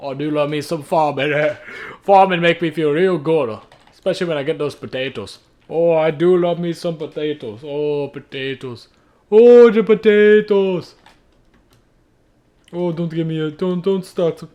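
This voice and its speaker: A man voicing a cheerful, beer-loving Irish farmer in a put-on Irish accent, rambling loudly in a sing-song way. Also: fairly high pitch, unhurried, natural voice. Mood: jolly tipsy.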